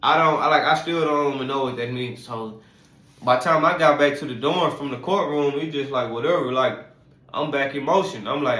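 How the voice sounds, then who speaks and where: Man in his 30s; loose, rambling storyteller with constant fillers and slang; mid-pitched voice in an echoey room. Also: brisk, fairly bright tone. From Houston, Texas. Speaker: vlogger telling his life story. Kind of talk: casual storytelling.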